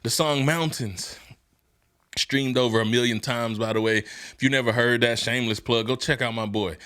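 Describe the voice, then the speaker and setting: A man hosting a motivational podcast, talking in casual slang and laughing often, building from easygoing storytelling into shouted, fired-up preaching. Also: mid-range voice, steady tone, normal speed. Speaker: podcast host and motivational speaker.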